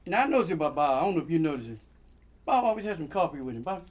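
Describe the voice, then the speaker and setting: Fairly high in pitch, this man's voice races along. Telling a long, funny story as a guest in a casual chat, he is animated, acts out what each person said, and laughs often.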